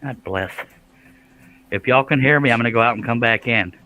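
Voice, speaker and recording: A man's voice: mid-range voice, a little fast, highs cut off. A middle-aged man hosting a live stream, chatting casually, joking about himself and greeting viewers by name.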